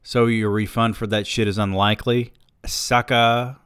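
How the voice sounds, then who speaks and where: A man's voice: lowish voice, level tone, normal speed, a bit bright, clear, resonant tone, dry recording, clean studio sound, pitched above the performer's own voice, lightly acted. A man voicing a cocky, druggy adult male friend who wisecracks in a smug tone. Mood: sardonic.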